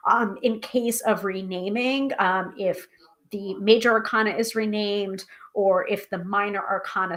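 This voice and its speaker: A woman hosting a live tarot stream, chatting casually and reading aloud from a guidebook, self-deprecating and a little halting over hard names. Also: mid-range voice. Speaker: tarot reader and livestream host.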